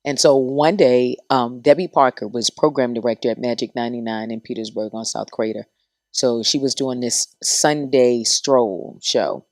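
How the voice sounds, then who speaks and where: Lively middle-aged woman radio personality. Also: rumbling low, normal speed, no room sound, studio quality. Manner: lively, animated storyteller acting out quotes. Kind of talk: casual podcast storytelling.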